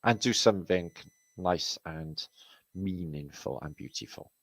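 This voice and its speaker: A British man with a low, unhurried voice hosts a casual livestream, reading out viewer comments. He rambles and sounds sardonic, swearing constantly. There's no room sound.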